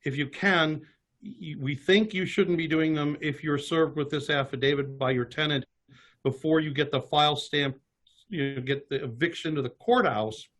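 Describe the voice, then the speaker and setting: Host type, man, conversational webinar delivery, slightly high voice. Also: normal speed, fairly bright tone. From Kentucky. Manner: reads legal text aloud with asides. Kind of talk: casual webinar talk.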